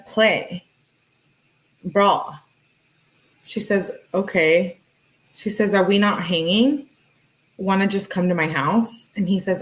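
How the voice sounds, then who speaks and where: A woman's voice: fairly low pitch, poor audio. A woman casually reading text messages aloud and adding her own comments, chatting with her viewers as she goes. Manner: reads messages aloud and chats with live viewers. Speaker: true crime commentator.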